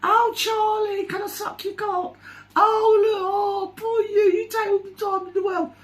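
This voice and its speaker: Simpering adoring fan, mocked by a woman, very high, slow and fawning. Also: little pitch movement.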